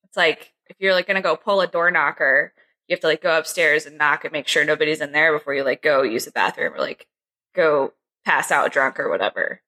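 A woman guesting on a podcast, chatting casually, joking and laughing often. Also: deep voice. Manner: giggly, animated and quick to joke.

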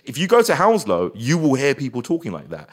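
A man talks freely as an interview guest. His voice sits at an average pitch. He is animated and keeps breaking into quick impressions and put-on voices. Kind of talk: casual interview chat.

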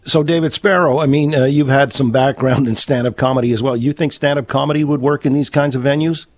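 A Canadian man hosting a relaxed radio talk show, quick with a joke and often laughing. His voice sits close and dry on the microphone, with no room sound. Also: mid-range voice, no room sound. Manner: laughs easily, wisecracking. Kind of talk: casual radio chat.

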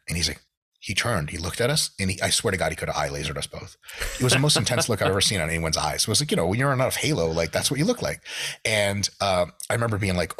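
A deep-voiced man talks on a podcast, his husky voice leaping up and down as he rants. He swears freely and piles up his points with restless energy. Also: fast. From United States. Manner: animated, profane ranting. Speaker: podcast guest. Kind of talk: casual podcast chat.

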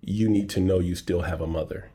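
Husky-voiced man telling a story. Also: deep voice, a little fast. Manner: animated storyteller acting out quotes, softening in sad moments. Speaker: guest author and poet. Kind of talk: storytelling in a podcast interview.

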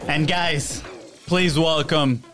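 A man with a Hispanic accent co-hosting a podcast, full of enthusiasm and hype. His voice is fairly high. Music is clearly heard behind him. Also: steady tone, takes it slowly, fairly bright tone. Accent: Hispanic-accented English. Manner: enthusiastic, hype-style introductions. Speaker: podcast co-host. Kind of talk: casual podcast chat.

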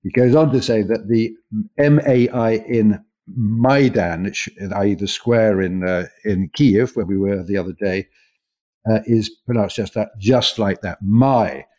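A man's voice: lowish voice, fairly even intonation, unhurried, mellow. A man co-hosting a news podcast, chatting casually as he reads out listener messages with his own asides. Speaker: podcast co-host.

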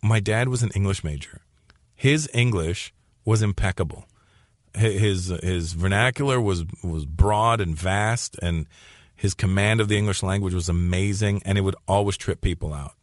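A man's voice: low-pitched, normal speed, no room sound, clean studio sound. A man in his forties from Canada, a comedian telling stories in an interview and restarting phrases as he goes. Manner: animated storyteller, repeats phrases as he restarts. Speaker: comedian guest. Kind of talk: conversational storytelling interview.

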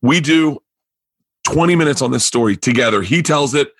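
Husky-voiced man telling a story. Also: medium pitch, moderate pace, dry recording. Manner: animated, acts out quotes, swears casually. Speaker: comedian guest. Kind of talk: casual storytelling.

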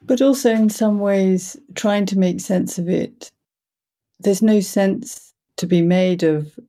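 A woman hosting a podcast interview, asking gentle, empathetic questions. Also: medium pitch, takes it slowly. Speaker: podcast host.

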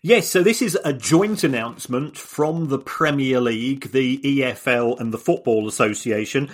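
A man talking through an explanation in a casual podcast chat, with a mid-range voice that is neither high nor low. He often restarts his sentences and repeats words as he works through his points. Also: normal speed. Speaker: podcast co-host.

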